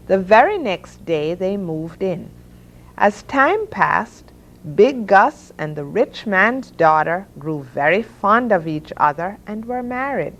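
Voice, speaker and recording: A woman hosting a children's story hour, reading picture books aloud with expressive sound effects for the animals. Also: mid-range voice. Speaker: children's story reader and host.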